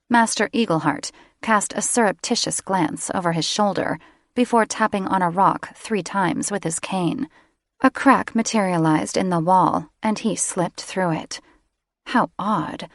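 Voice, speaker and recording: A woman audiobook narrator giving steady, scripted fantasy narration close to the microphone. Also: lowish voice, normal speed, no room sound. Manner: steady storytelling. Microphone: close studio microphone.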